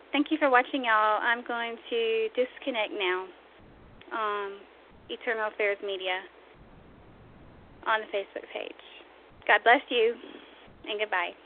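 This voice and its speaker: A woman's voice: mid-range voice, fairly even intonation, measured pace, pauses often. A woman hosting an online religious talk show, speaking fervently and preachily, rambling and repeating herself. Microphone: online radio stream. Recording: tinny phone-line audio, faint noise.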